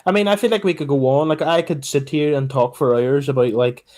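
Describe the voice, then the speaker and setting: A young Irish man with a fairly high voice chats eagerly on a casual podcast. He talks in an animated way and often restarts his sentences. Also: a little fast. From Ireland. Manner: animated, chatty, with hesitant restarts. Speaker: podcast co-host. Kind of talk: casual chat.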